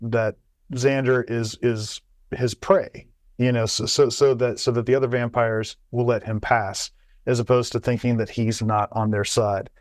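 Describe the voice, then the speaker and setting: A man's voice: mid-range voice, level tone, measured pace, no room sound, clean studio sound. A man co-hosting a podcast in casual chat, talking in bursts full of restarts and repeated words. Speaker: podcast co-host.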